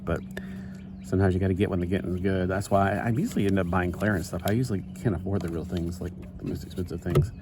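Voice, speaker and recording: A man's voice: low voice, quick pace. A man chatting casually in a rambling, self-interrupting way while he builds a toy set. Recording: steady background noise.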